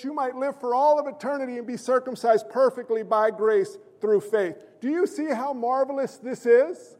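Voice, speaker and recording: A man with a strikingly high voice delivers a fervent sermon, pressing his listeners with question after question. His words ring out with a long, lingering hall reverb, as if from a large sanctuary. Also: moderate pace, few pauses, a little mellow. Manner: emphatic, calls out to the congregation with questions. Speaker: pastor. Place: church sanctuary.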